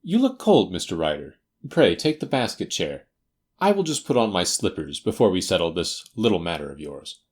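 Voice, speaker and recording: A man doing Sherlock Holmes, crisp and assured. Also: low-pitched, big pitch swings, moderate pace. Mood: cheerful. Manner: crisp, assured, faintly teasing. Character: brisk, confident male detective. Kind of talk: audiobook character voice.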